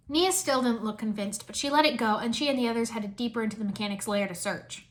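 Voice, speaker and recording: A woman reading a fan fiction story aloud in a lively storytelling manner. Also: on the high side, fast, few pauses.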